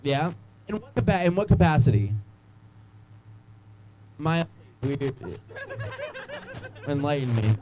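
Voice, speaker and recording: A young man works a small club crowd with loose, wandering stand-up. His voice sits a touch high but sounds mellow and dark. He rambles and restarts, teasing the audience as he goes. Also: wildly swooping pitch, slow pace, pauses often, a little hiss or hum, poor audio. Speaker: stand-up comedian. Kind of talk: stand-up comedy with crowd work.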